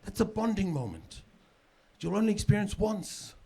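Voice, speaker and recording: High-voiced stand-up comic man. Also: sing-song, normal speed, creaky, husky. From South Africa. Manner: conversational, with filler repeats and sudden shouted punchlines. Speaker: stand-up comedian. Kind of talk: stand-up comedy set. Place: comedy stage with a live audience. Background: audience laughter.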